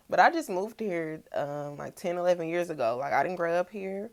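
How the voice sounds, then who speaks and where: A young woman, talking in a casual, reflective vlog, soft-spoken and relaxed. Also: on the low side, normal speed. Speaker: vlogger. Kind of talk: personal reflective vlog talk.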